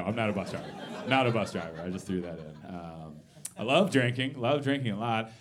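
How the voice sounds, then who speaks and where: A man in his thirties doing a live stand-up set in a basement venue, swearing freely, mocking himself and tossing quick asides to the crowd. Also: mid-range voice. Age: 30s. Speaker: stand-up comedian.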